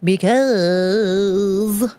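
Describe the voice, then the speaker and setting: A woman's voice: mid-range voice, drawn-out words, mellow. A woman hosting a casual livestream who rambles, chats to her pet and breaks into bits of song. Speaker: podcast host.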